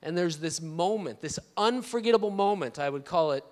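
Inside a big church auditorium full of long reverb, a thirty-something pastor delivers a storytelling sermon at a brisk clip. His high, bright voice stays easy and animated as he asks the congregation for amens.

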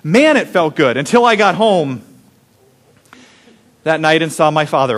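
A man preaching with an animated storytelling manner, dropping low and soft for his reflective points. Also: measured pace, pauses often. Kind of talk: sermon storytelling.

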